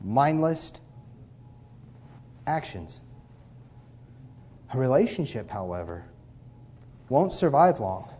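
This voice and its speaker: A male pastor preaching a sermon, emphatic, swinging between loud stresses and quiet asides, with a mocking edge. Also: medium pitch, sing-song, slow pace, pauses often, husky. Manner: mocks complainers with blah-blah asides.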